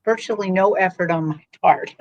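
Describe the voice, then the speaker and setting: A woman's voice: mid-range voice, normal speed. Woman psychic tag-teaming a reading, laughs a lot, kinda muffled sound. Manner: animated, laughs often, acts out voices. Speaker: psychic medium co-reader. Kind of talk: live spirit reading.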